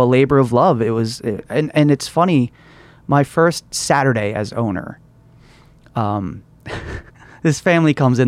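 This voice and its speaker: A man's voice: medium pitch, darkish tone, dry recording. A young man, a store owner, chatting casually in an interview, acting out what others said and laughing often. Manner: chatty storyteller, acts out quotes, laughs often. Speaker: comic book store owner.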